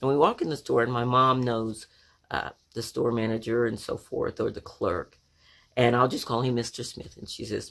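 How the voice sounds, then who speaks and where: A woman's voice: extremely low pitch, steady tone, moderate pace, gravelly. A woman in her sixties from Oklahoma telling a childhood story in a conversational, reflective way, full of asides. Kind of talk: personal storytelling to camera.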